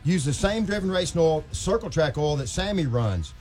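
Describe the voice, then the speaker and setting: A man hosting a motorsports radio show, reading sponsor spots and chatting in a folksy, drawn-out way. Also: a little high, lively intonation, a little mellow, soft background music. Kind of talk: casual radio talk and live ad reads.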